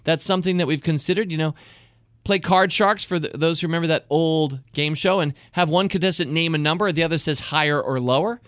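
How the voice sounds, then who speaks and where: Middle-aged guy hosting a podcast, kinda high voice, chatty, dry close mic. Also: a little fast, a bit bright, smooth, no room sound. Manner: chatty, enthusiastic, rambling asides. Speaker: podcast host. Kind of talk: casual podcast chat.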